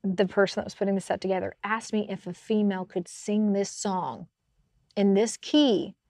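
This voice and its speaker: A woman co-hosting a podcast, telling stories in a lively, casual way and laughing often. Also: medium pitch, moderate pace, no room sound, studio quality. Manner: animated storytelling, laughs often. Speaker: podcast co-host. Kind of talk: casual faith chat.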